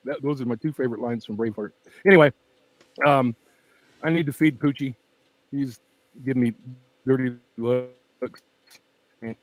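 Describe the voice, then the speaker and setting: A man's voice: a little high, animated, moderate pace, long pauses, no room sound, low-quality recording. Rambling close-mic man, dry sound. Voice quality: weak voice that tires easily. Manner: rambling, emphatic, laughs often. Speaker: true-crime channel host. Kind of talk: casual rambling livestream chat. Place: at home with pets. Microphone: very close to the microphone.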